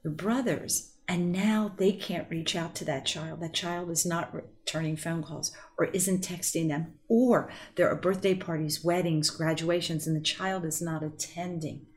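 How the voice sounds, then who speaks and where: A middle-aged woman with a fairly low voice, speaking as a counselor to parents. She talks in an earnest, emphatic way and often acts out what people say. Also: fairly even intonation, unhurried, hardly any pauses. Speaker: family counselor. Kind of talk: explanatory talk to parents.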